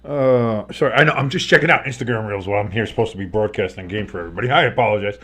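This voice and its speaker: A man's voice: lowish voice, racing, fairly bright tone, husky. A man hosting a live sports stream, calling plays and rambling into joking asides. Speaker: sports streamer and play-by-play host. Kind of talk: live play-by-play with casual chat.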